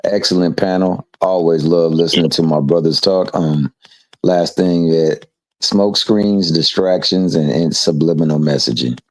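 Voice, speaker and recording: Brief: male panelist, emphatic short remarks, very deep dry voice. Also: fairly even intonation, unhurried, dry recording, poor audio. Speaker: guest panelist. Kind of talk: casual podcast chat.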